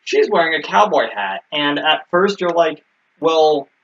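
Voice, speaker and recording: A man's voice: a little high, big pitch swings, moderate pace, fairly bright tone. Man recapping episodes on a lo-fi recording. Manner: explanatory, many ums and restarts. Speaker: podcast co-host. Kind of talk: casual recap chat. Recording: dull lo-fi recording.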